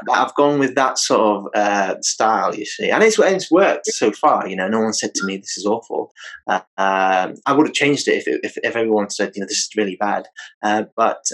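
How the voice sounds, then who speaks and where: A man's voice: lowish voice, fairly bright tone, poor audio. A British man hosting a casual interview, rambling a little and often saying "you know.". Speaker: podcast host.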